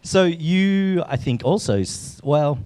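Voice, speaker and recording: A man's voice: on the high side, expressive, takes it slowly, a little mellow, smooth. A man hosting an interview, asking questions and trading self-mocking jokes with his guest. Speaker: host. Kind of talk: conversational interview.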